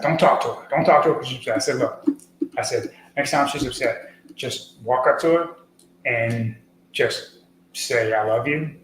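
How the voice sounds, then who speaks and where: A man's voice: medium pitch, echoey room, noisy background. A middle-aged man, a podcast guest, talking earnestly in a rambling casual way with many fillers and restarts. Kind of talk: casual conversational interview.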